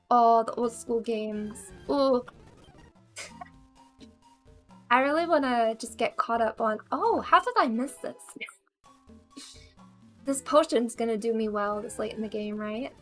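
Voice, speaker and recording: A woman's voice: on the high side, fairly bright tone. Bubbly, chatty woman streamer. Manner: bubbly, chatty, laughs often. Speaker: VTuber game streamer. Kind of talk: casual gaming chat.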